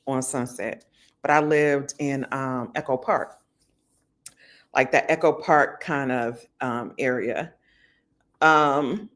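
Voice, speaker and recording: A woman talking casually to her viewers from home, chatty, with loose slang and lots of fillers. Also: fairly low pitch. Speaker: vlogger. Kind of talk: casual talk to camera. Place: at home indoors.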